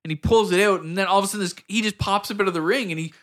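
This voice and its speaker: A man's voice: sits high, very fast. A man co-hosting a podcast, chatting casually with friends and mimicking the people in his stories. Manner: animated storyteller, mimics people he describes. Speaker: podcast co-host. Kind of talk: casual chat among friends.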